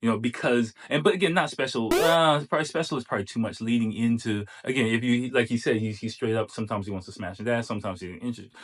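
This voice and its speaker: A man's voice: medium pitch, quick pace, hardly any pauses. A man hosting, giving casual commentary on a clip, chatty and full of fillers and restarts. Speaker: host reacting to a clip.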